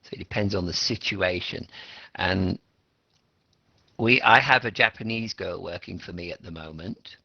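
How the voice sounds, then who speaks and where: A man's voice: sits low, normal speed, bright, forceful tone, no room sound. A middle-aged Australian man teaching an English class, explaining patiently and asking students questions. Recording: lo-fi classroom recording.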